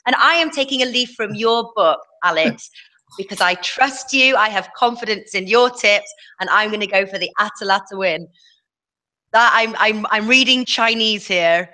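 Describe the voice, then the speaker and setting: Female host, bright tone, chatty panel lead with easy laughs. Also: mid-range voice, moderate pace, rough recording. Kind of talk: casual betting panel chat.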